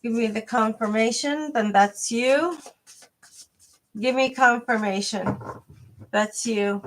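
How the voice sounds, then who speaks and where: Woman, tarot reader, live reading, slow unhurried delivery, rambling with fillers, friendly chat. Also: on the high side. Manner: hesitant, rambling, many fillers and restarts; chatty and friendly with viewers.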